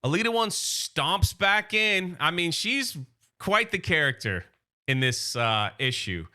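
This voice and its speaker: A man's voice: high-pitched, very animated, takes it slowly, sharp tone. A man recapping a comic book in a casual, enthusiastic way, paraphrasing loosely with lots of "like".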